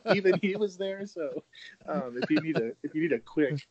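In a lo-fi recording with a crowd in the background, a man in his thirties talks on a casual podcast. His voice is fairly high and expressive at a moderate pace, and he's chatty, laughs easily, and restarts a lot.

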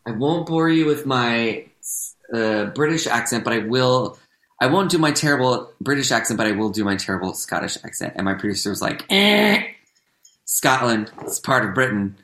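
An American man chats casually as a podcast guest, circling his point with animated restarts. His voice sits at a middling pitch. A roomy echo hangs around the recording. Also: a little fast. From United States. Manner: rambling, self-correcting, animated. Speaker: actor and comedian guest.

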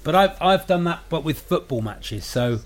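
A man's voice: on the high side, expressive, moderate pace. A man in his forties chatting casually on a call, jokey and self-deprecating. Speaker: homeschooling parent and radio presenter. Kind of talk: casual video call chat.

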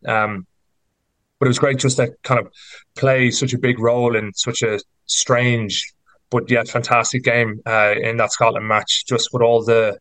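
A man's voice: mid-range voice, fairly bright tone, no echo, low-quality recording. A man in his thirties with an Irish accent, a rugby player talking through his games in a casual podcast interview, rambling with many fillers.

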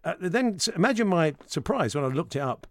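A man's voice: on the high side, fairly quick, no echo, clean studio sound. A man co-hosting a radio podcast, telling stories in casual, teasing banter. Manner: chatty storyteller, lively and teasing. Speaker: radio co-host.

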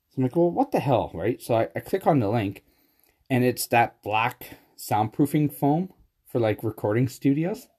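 Low mellow-voiced man telling stories. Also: slightly rough. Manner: laughs often, animated storytelling. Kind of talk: casual chat.

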